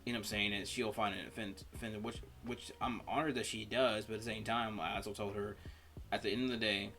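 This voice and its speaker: Rambling bright-toned young man. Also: lowish voice, little pitch movement. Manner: rambling, halting with fillers and restarts. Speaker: reaction video host. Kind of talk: casual reaction commentary.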